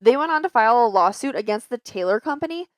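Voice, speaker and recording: A woman's voice: fairly high pitch, lively intonation, fast, no echo, studio quality. A woman co-hosting a podcast, explaining her research in casual chat and laughing along with her partner. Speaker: podcast co-host.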